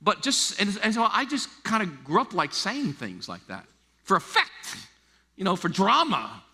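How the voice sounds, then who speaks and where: A middle-aged man from the United States preaching a sermon as a pastor, animated and stammering through restarts as he acts out quoted voices. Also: high-pitched, normal speed, husky. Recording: long reverb of a large hall.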